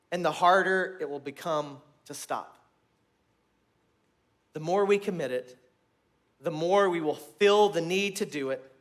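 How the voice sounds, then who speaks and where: A man preaching a sermon to a room, earnest and repeating his points, growing loud and emphatic at key moments. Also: sits high. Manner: earnest, repeats phrases, restarts words.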